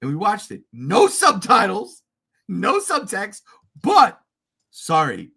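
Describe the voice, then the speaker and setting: A man hosting a casual podcast chat, excitable and profane, often laughing and shouting. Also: high-pitched, takes it slowly, vocal fry, slightly rough. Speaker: podcast host.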